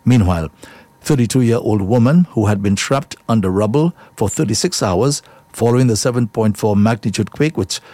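A man reading scripted news bulletins in a steady, measured delivery. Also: on the low side, no room sound. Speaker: newsreader.

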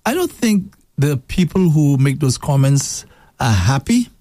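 A man hosting a call-in radio show, calm and firm when he disagrees with callers. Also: on the high side, a little slow, no echo. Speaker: radio host.

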